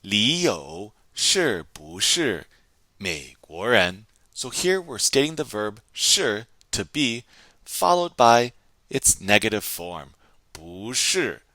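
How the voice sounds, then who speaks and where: A man teaching a recorded language lesson, slowly and clearly modeling phrases and repeating them for students to practice. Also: mid-range voice, bright, forceful tone, dry recording.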